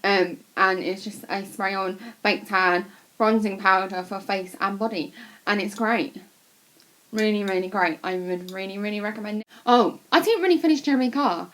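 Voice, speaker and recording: A woman's voice: mid-range voice, moderate pace, fairly bright tone. A young woman, chatting to camera in a rambling, casual way with lots of fillers, a bit sick with a cold. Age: young adult. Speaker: vlogger.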